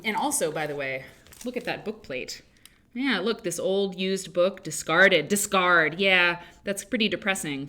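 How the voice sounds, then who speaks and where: A woman from the American Midwest hosting a casual livestream from a home studio, chatty and rambling, laughing easily. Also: deep voice. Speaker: host. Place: home studio with green screen.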